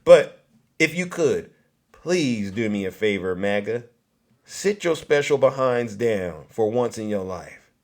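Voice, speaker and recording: A man hosting a political commentary livestream, loud and mocking, often repeating himself. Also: fairly low pitch, lively intonation, slow. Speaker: livestream host.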